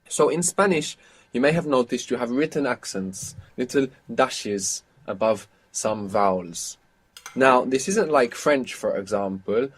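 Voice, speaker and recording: A man teaching Spanish in a live online lesson, explaining patiently and slowing down to dictate phrases. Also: medium pitch. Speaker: Spanish tutor.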